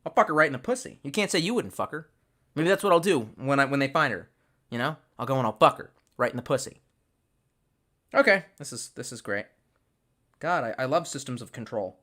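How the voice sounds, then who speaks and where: Bright-voiced profane streamer rambling. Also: male voice, medium pitch, expressive, fairly quick. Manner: rambling, profane, self-interrupting. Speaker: livestream host. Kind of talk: casual livestream chat, reading comments.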